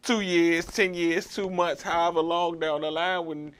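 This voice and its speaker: A man hosting a casual talk show, speaking loosely in slang and getting animated. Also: a little high, a little slow, clean tone. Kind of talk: casual chat.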